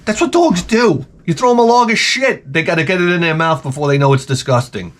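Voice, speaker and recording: A man hosting his channel, telling comedic stories in an animated, profane, exaggerated way. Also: on the high side, brisk. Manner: animated, profane, exaggerated, jumps into quoted voices. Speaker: channel host. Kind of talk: casual comedic storytelling rant.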